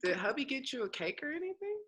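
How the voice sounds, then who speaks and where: A woman's voice: high-pitched, big pitch swings, fast, a bit bright. Easygoing woman hosting a live chat. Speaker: host. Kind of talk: casual live interview chat.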